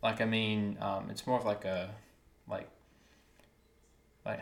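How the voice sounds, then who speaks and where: A man's voice: on the low side, little pitch movement, slow, gravelly. Podcast co-host, man, Wilmington Southern accent, rambling with lots of ums, roomy sound. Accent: Wilmington North Carolina Southern. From Wilmington, North Carolina. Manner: rambling, searching for words with many ums. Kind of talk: casual podcast chat. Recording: echoey room.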